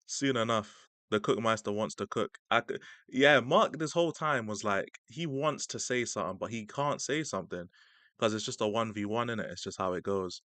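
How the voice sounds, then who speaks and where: A man's voice: lowish voice, moderate pace, dry recording. Slangy man on a dry mic. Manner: laughs often, slangy, excitable asides. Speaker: streamer reacting to a debate. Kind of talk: casual live-stream commentary.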